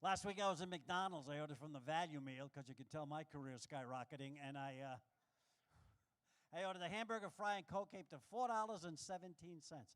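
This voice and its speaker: A man's voice: on the high side, brisk, a bit bright. A man from New York doing a brash, self-mocking stand-up comedy set in a live showroom.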